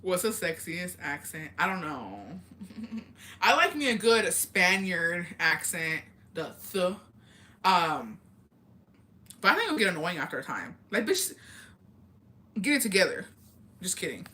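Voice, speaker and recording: Woman live-streaming, bright forceful voice, blunt and cussing, chatty comment-reading host. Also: lowish voice, lively intonation, unhurried, long pauses. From Mexican heritage. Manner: blunt, profane, chatty, reads comments aloud. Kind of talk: casual live-stream chat.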